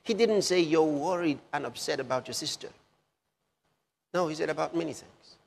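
A man preaching a sermon, slow and repetitive, with emphatic rises on key phrases. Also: on the high side, creaky, a little hiss or hum. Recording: long hall reverb.

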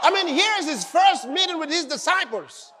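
Exuberant shouting preacher in a reverberant hall. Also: male voice, very high voice, expressive, normal speed, background noise. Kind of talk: sermon.

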